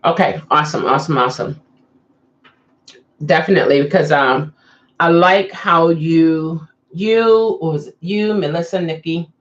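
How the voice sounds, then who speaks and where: A woman's voice: low voice, normal speed, highs cut off. A woman hosting a casual livestream, chatting with viewers and coaxing them to answer her questions. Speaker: livestream host.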